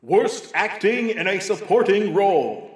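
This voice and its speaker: A man putting on a grand male awards-show announcer voice, slow and booming, with heavy added reverb. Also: lively intonation. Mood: grandiose. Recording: echoey hall reverb.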